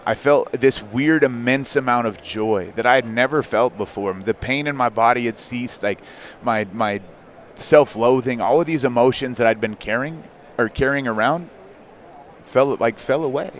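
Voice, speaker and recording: A man in his thirties, a podcast guest, telling a personal story in a candid, animated way with frequent fillers. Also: medium pitch, normal speed, a little hiss or hum. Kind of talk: casual storytelling.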